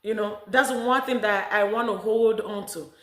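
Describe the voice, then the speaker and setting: A woman's voice: medium pitch, moderate pace, roomy sound. A middle-aged woman from Nigeria with a Nigerian accent, chatting casually and animatedly to her viewers about her travels. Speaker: vlogger.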